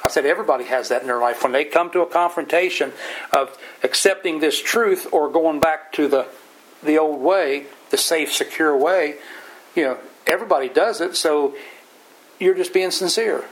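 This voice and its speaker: A man's voice: on the high side, normal speed, low-quality recording. A man leading an informal Bible study, telling folksy, plain-spoken stories and explaining scripture verse by verse.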